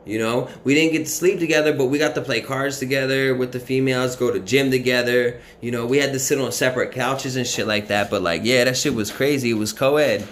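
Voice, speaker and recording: Sex: man. Role: vlogger. Style: casual storytelling. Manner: rambling and profane, heavy on fillers. Pitch: mid. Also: steady tone, brisk, hardly any pauses, a little hiss or hum. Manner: rambling, profane, constant "you know what I mean" fillers. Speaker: vlogger telling his life story.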